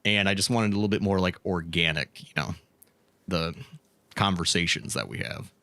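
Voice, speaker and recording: A man's voice: deep voice, normal speed, sharp tone, dry recording. Rambling man in a dry close room. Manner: rambling, repeats words when restarting. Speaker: podcast host. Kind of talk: casual podcast chat.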